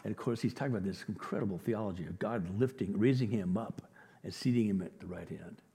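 A man preaching a sermon as a pastor, animated and acting out the voices of the people in the story. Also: lowish voice, fast talker, vocal fry, breathy edge. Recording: echoey hall with long reverb.

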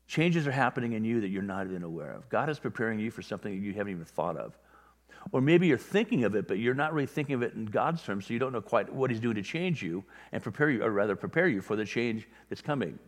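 A man preaching a sermon in a conversational way, briefly acting out the voices of people he describes. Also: fairly low pitch. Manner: conversational, acts out little quoted voices. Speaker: pastor. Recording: long hall reverb.

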